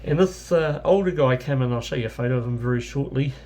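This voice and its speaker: This travel vlogger, a man from New Zealand with the accent to match, talks fast at a medium pitch with a slightly mellow tone. He rambles through a casual travel anecdote, using lots of fillers and correcting himself as he goes. There's a faint hiss or hum.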